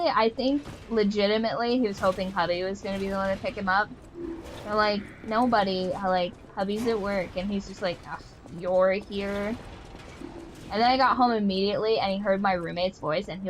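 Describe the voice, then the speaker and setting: A young woman chatting away while she streams a game, her mid-pitched voice full of filler words as she rambles through stories. She sounds playfully exasperated, and a faint hiss sits under her talk. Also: fairly quick, low-quality recording. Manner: animated storyteller, playfully exasperated. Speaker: gaming streamer. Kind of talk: casual chat while playing a game.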